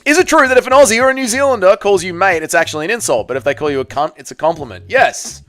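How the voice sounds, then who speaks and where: A man's voice: high-pitched, lively intonation, racing, a bit bright, faint music behind. A man hosting a live fight watch-along stream, bantering with his chat in a casual, profane way.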